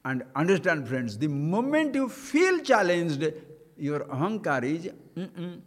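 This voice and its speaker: A man with an Indian English accent giving a spiritual talk in a lively, high voice that swings widely in pitch. He acts out other people's voices and chants scripture. A long reverb trails his words. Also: a little slow. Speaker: spiritual teacher. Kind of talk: spiritual discourse.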